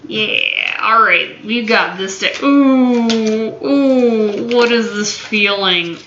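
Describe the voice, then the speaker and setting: A woman's voice: a little high, very slow, fairly bright tone, slight background noise. A woman giving a casual tarot reading to camera, blunt and swearing freely, with a playful drawl. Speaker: tarot reader. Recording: dull, echoey room recording.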